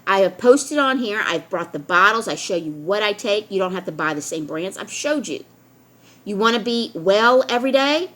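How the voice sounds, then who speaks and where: A woman's voice: mid-range voice, lively intonation, moderate pace, fairly bright tone. A middle-aged woman vlogger talking straight to camera in a blunt, lecturing way, often ending points with "all right?". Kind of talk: opinionated talk to camera.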